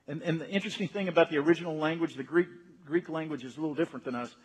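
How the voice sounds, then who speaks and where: A man's voice: on the high side, very fast, husky. A man preaching a sermon as senior pastor, emphatic and repeating words to drive his points home. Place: church sanctuary. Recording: reverberant church hall.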